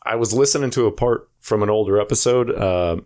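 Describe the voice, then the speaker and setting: A man's voice: fairly low pitch, a little fast, a little mellow. A young man co-hosting a podcast, chatting loosely with lots of swearing and joking asides. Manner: loose, profane, jokey with bursts of silly impressions. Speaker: podcast co-host. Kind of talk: casual chat.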